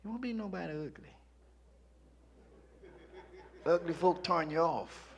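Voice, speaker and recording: A male pastor preaching a sermon, swinging from low murmurs up to shouts. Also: lively intonation, brisk.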